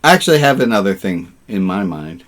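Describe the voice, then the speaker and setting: A man with a fairly low voice, leading a relaxed online service as the rabbi. He banters warmly with the congregation and slips in groan-worthy puns. The sound comes through a computer mic on a video call. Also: fairly quick. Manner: jovial, punning, chatty with the congregation. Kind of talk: informal sermon over a video call.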